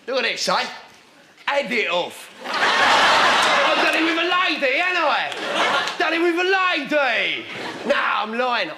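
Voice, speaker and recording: A comedian playing a brash, boastful young London working man with a London accent, shouting his brags at a laughing studio audience. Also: very high voice, very noisy. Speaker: comedian doing a character monologue. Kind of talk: stand-up character comedy. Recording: echoey studio with a roaring crowd.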